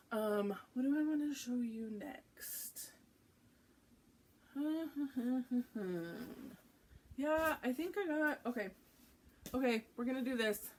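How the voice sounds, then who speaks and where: A woman vlogger chatting excitedly and casually to camera while unboxing a craft box, with frequent ums and little laughs. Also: mid-range voice.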